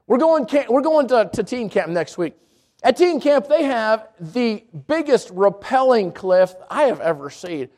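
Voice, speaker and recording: A young man preaching a sermon, telling stories with lively acted-out asides to his congregation. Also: extremely high pitch. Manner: animated storytelling with acted-out asides.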